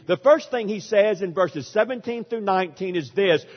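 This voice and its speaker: A man with a high voice delivers an emphatic sermon, leaning on dramatic pauses. His words ring out with a long reverb in a large church sanctuary. The recording sounds dull and muffled. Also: lively intonation. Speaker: pastor.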